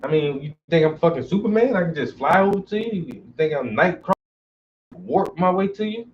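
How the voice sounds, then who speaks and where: A man's voice: a little high, lively intonation, brisk. A man telling profane, joking stories casually while he paints. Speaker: painter streaming while working. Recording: distant, dull lo-fi with faint noise.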